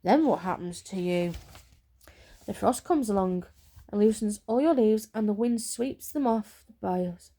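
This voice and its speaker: A woman voicing a proud, boastful fir tree that turns grumbling and sorry, in a soft whispered role-play. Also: medium pitch, lively intonation, a little slow. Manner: grumbling, self-pitying.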